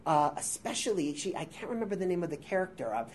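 A man in his forties with a high-pitched voice, a guest improviser telling rambling, self-deprecating stories in a casual interview before a live audience. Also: big pitch swings, fast, slight background noise. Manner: rambling, self-deprecating, with filler words and restarts. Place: theater workshop space before a live audience.

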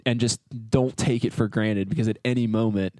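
A man's voice: fairly low pitch, fairly even intonation, a little fast, a little mellow, no echo. A man co-hosting a podcast, chatting casually and rambling through anecdotes with self-interruptions. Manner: rambling storyteller, mimics others' voices. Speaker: podcast co-host. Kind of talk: casual chat.

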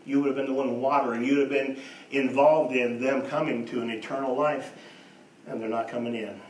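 A man preaching a sermon, telling stories and moving between hushed and emphatic delivery. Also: mid-range voice, steady tone, brisk, slight background noise. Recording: echoey room, voice from a distance.

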